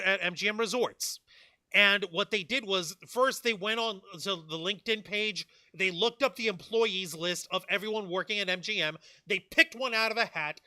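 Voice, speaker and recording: A man co-hosting a live online news chat show, talking in an animated, excitable way with quick asides. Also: high voice, no room sound, clean studio sound. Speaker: podcast co-host.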